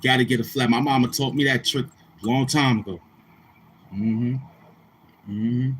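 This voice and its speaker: This YouTube host, Brooklyn-accented, mixes slang-filled chat with rapped bars in a live-stream freestyle session. His mid-range voice has fairly even intonation at a moderate pace, with slight background noise.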